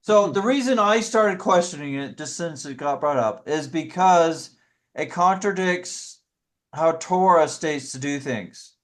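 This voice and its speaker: A man leading a casual scripture study discussion, explaining in a halting, self-correcting way. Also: on the high side, animated.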